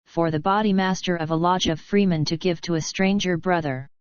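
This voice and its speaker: A woman reading the lines of a cool-headed young male outlaw who answers with quick, dignified defiance, in a dull lo-fi recording. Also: lowish voice, fairly even intonation, dry recording, natural voice.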